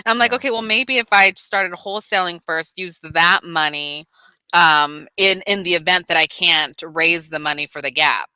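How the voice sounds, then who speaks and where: A woman's voice: on the low side, moderate pace, sharp tone, clean tone, no echo. A woman real estate agent being coached on a casual call, thinking aloud with many restarts and small laughs.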